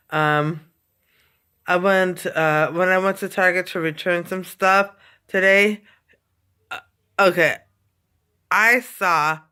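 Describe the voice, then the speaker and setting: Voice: mid-range voice, sharp tone, clear, resonant tone. A vlogger chatting casually from a home basement, rambling and repeating itself with lots of fillers and frequent yawns. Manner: yawning often. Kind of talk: casual rambling vlog chat.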